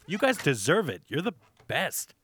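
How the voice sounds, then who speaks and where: A young man directing friends in a film shoot, eager, excitable and stammering. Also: fairly high pitch, normal speed, slight background noise. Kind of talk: casual banter.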